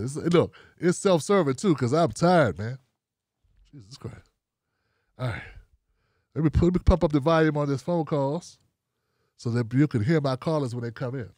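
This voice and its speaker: A man with a high-pitched voice hosts his own talk show. He speaks bluntly and casually and swears freely. The sound is dry and close, with no room echo. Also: normal speed, long pauses. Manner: blunt, profane and animated, talking straight at the audience. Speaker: show host.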